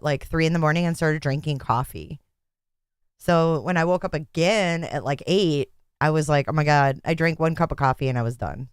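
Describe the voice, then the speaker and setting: A woman's voice: sits low, clean tone, no room sound, clean studio sound. A woman hosting a livestream, chatting casually and joking with her viewers. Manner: chatty, joking, laughs often. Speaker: livestream host.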